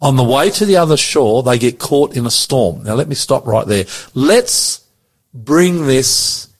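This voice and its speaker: A man's voice: mid-range voice, animated, unhurried. A man with an Australian accent, a pastor preaching in a folksy, earnest way on a radio show and often checking that his listener is following. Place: radio studio.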